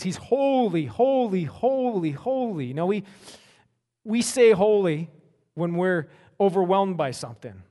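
Animated pastor in a reverberant hall. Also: male voice, high voice. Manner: animated, repeats words in bursts, acts out reactions. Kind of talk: sermon.

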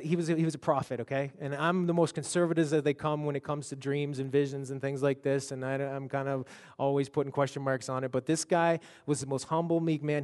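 A man preaching a sermon and telling a personal story, halting and repeating words as his intensity builds. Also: on the high side, a little mellow, long reverb tail. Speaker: pastor.

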